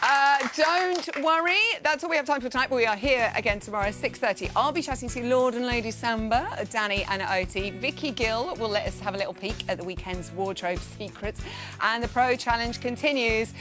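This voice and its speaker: Woman host, gushing and giggly, high-pitched, over loud music. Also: fairly quick, crowd noise. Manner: bubbly, laughing, gushing. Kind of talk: chatty TV studio interview.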